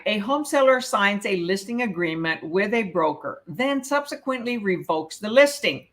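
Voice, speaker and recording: Reading exam questions aloud and walking through the answers, a woman teaches a live real estate prep class, frequently asking "okay?". She speaks in a mid-range voice with a fairly bright tone.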